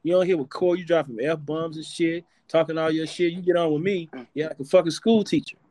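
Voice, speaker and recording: A man with a voice pitched a touch high hosts a casual live chat, teasing and cursing freely. The sound is very dry, with no room around it. He talks loose and unscripted, like he's among friends. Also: fairly even intonation, fairly quick, a little mellow, no echo. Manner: loose, profane, teasing banter. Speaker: podcast host.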